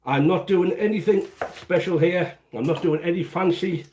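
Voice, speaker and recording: A man's voice: high voice, normal speed, darkish tone, slight background noise. Chatty man cooking at home. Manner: chatty, rambling step-by-step explaining. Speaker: home cooking channel host. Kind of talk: casual cooking livestream. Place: home kitchen.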